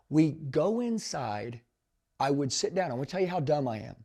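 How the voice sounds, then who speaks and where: A man in his forties, a sales trainer, telling a story in an emphatic, animated, slangy way and calling his listeners dude. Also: on the high side, moderate pace. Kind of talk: motivational storytelling.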